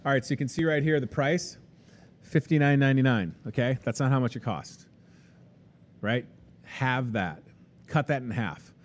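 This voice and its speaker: Chatty upbeat Midwestern store host. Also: male voice, medium pitch, normal speed, pauses often. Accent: Midwestern American. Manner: chatty, upbeat salesman patter with jokes. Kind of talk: casual live promo talk.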